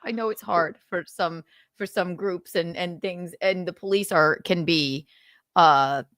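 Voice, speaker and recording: A woman's voice: on the low side, measured pace, a bit bright, no room sound, studio quality. Rambling woman in casual chat. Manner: rambling, self-interrupting, drops into a put-on drawl for quotes. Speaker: podcast co-host.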